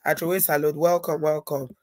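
A woman hosting a live stream, hoarse and stuffy-nosed from a cold, chatting and greeting viewers by name as she talks. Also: low voice, level tone, moderate pace, a little mellow, no room sound. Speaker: channel host.

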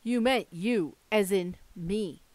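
A woman's voice: mid-range voice, slow, a little mellow, no echo, close to an everyday voice. A woman voicing an incredulous boy hero. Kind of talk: audiobook character voice.

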